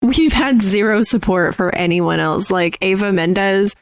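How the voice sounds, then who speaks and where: A woman co-hosting a movie podcast in casual chat, sarcastic and quick, with some swearing. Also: mid-range voice, clear, resonant tone, no room sound. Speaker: podcast co-host.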